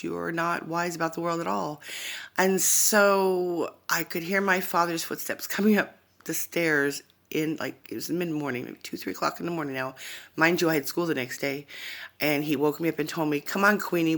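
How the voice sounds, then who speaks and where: A woman talks into her phone with a gravelly, creaky texture under a bright, tense edge. She tells her story in halting, rambling bursts and keeps drifting into side remarks. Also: low-pitched. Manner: halting, rambling, often digressing. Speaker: vlogger sharing a personal testimony. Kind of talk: personal storytelling monologue.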